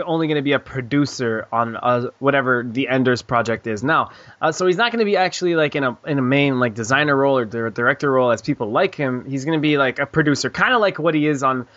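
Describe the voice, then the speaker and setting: A man's voice: medium pitch, a bit bright, dry recording, highs cut off. A man hosting a gaming podcast, joking around loosely and reading out news with plenty of "uh" and "um". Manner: joking, loose, with frequent "uh" and "um" and giggles. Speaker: podcast host. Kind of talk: casual chat with news reading.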